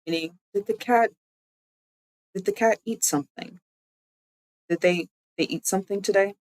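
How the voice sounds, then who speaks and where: A VTuber streamer giving a live-streamed language lesson, explaining step by step and repeating words slowly. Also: mid-range voice, darkish tone, no room sound, poor audio.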